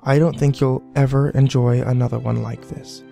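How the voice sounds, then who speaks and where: A man voicing a husband who talks in a smooth, quietly assured way with a hidden menace. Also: mid-range voice, level tone, moderate pace, faint music behind, close to an everyday voice. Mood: calm assured.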